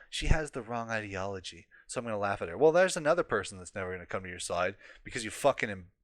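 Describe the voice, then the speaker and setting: A man's voice: fairly low pitch, a bit bright, dry recording. Profane, ranting man, dry close sound. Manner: profane, heated and mocking, with frequent swearing. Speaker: political commentary vlogger. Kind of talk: ranting commentary while reading an article aloud. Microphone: home desk microphone.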